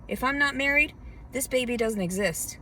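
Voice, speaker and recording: A higher-pitched woman rants with heavy swearing and agitation, filming herself in her car. Her voice sits a little away from the phone mic. Faint noise hums behind her. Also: moderate pace, sharp tone, far from the mic. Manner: agitated, heavily profane ranting. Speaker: vlogger. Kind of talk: venting monologue to camera.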